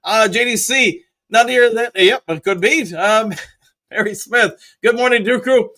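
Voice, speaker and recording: A man's voice: high voice, measured pace, sharp tone. A man hosting a live stream, reading out viewer comments in an upbeat, chatty way. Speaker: host.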